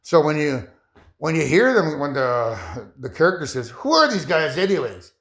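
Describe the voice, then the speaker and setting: Rambly guy talking to camera, laughs a lot, voice jumps all over, kinda high. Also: moderate pace. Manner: excitable, laughs often, rising into high bursts. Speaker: vlogger. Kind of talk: rambling casual monologue to viewers.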